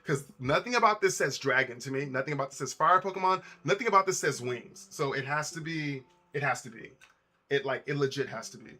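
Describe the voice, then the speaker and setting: A young man chatting casually with his live-stream viewers while he builds a model, talking to chat in an animated way. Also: fairly high pitch, brisk. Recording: faint music playlist behind.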